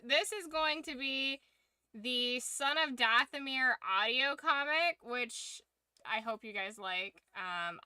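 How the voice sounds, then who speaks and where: A woman's voice: fairly high pitch, sharp tone, no room sound, studio quality. A tired woman streamer chatting casually on a livestream, rambling and swearing freely.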